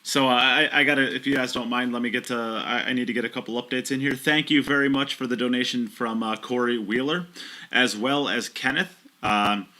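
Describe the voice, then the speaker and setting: A man with a bright, forceful voice hosts the stream. He reads donations and auction updates with loose, stop-start phrasing. The tone stays friendly and informal. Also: mid-range voice, steady tone, fairly quick. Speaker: stream host. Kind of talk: live-stream hosting.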